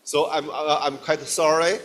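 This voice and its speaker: Middle-aged Chinese-accented man, slow halting guest lecturer, lots of fillers. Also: fairly high pitch, level tone, fairly bright tone, slight background noise. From China. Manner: halting, many fillers and restarts.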